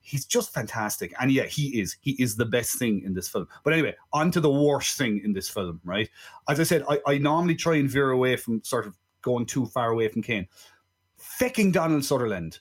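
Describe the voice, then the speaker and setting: A man's voice: medium pitch, lively intonation, brisk, breathy edge. An Irish man co-hosting a casual film-review podcast, chatting in a digressive way with frequent "right?" asides. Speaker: podcast co-host.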